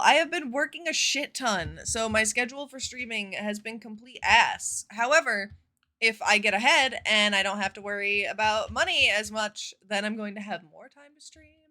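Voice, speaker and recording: A woman streamer talks casually with her viewers, telling stories in an expressive, freely swearing way. Her voice is bright and clear and sits a little high for a woman. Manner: chatty, profane, expressive storytelling. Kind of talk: casual live-stream chat.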